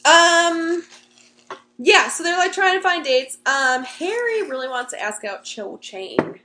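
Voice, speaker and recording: Bubbly high-voiced young woman, echoey. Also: animated, slow pace, bright, forceful tone, slight background noise. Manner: bubbly, giggly, lots of fillers. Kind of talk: casual podcast chat.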